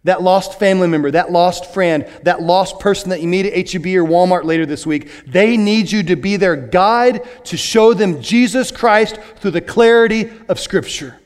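A pastor preaching a sermon in an animated way, moving from hushed asides to excited bursts. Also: male voice, high voice, normal speed, few pauses, smooth.

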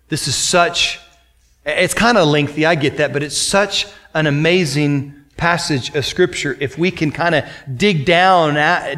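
A man's voice: fairly high pitch, a bit bright. A man preaching a sermon, reading scripture aloud and then commenting on it in plain, conversational asides. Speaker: pastor.

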